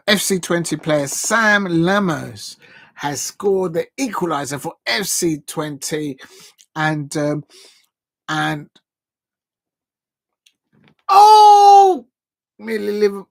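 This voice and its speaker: A man's voice: on the high side, slow pace, gravelly. A man giving live, rambling football watch-along commentary, chatting casually to his viewers and often correcting himself. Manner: rambling and excitable, with frequent restarts and self-corrections.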